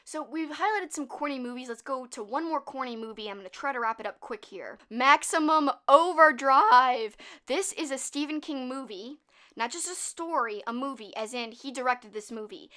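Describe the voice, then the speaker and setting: Bright chatty young woman. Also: fairly high pitch, expressive, brisk, hardly any pauses. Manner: chatty, laughing at the film, acts out quotes. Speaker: channel host. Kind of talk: casual movie talk.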